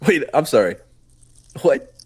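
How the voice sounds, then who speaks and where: Dude cracking jokes on a podcast, voice jumps all over, mid pitch. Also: male voice, measured pace, breathy edge. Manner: joking, animated. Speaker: podcast guest. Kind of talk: casual podcast chat.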